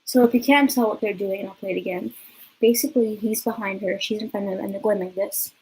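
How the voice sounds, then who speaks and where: A woman's voice: mid-range voice, steady tone, fast talker, a little mellow, slight background noise, poor audio. A young woman vlogger telling a casual, rambling story, swearing freely and saying "like" often. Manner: rambling, profane, lots of 'like'.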